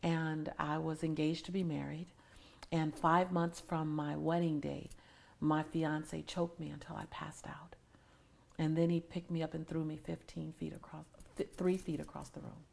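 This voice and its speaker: A woman in her forties, a motivational speaker appearing as an interview guest, tells a personal story earnestly and emotionally, at times sinking to a near-whisper. Her voice is deep and gravelly with a slightly mellow quality, delivered flatly at a moderate pace.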